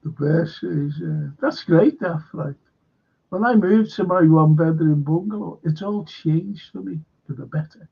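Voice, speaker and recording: A man's voice: fairly high pitch, unhurried, vocal fry, husky. A man hosting a casual fan livestream, swearing a lot, rambling, and reading viewer comments aloud. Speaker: livestream host. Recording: dull lo-fi stream audio.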